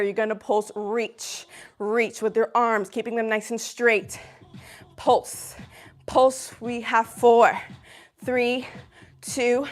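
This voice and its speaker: A woman's voice: on the high side, a bit bright. A woman leading a live ballet fitness class, out of breath, upbeat and encouraging as she counts reps and cheers. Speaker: fitness instructor. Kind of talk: live workout instruction.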